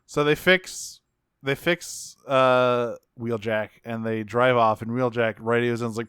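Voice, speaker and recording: A man with a smooth, resonant voice, co-hosting a casual podcast. He recaps a cartoon episode with lively energy and acts out the characters' lines in goofy voices. The recording is dry and close. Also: medium pitch, moderate pace, dry recording. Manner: animated, swears a lot, acts out quotes in jokey voices. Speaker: podcast co-host.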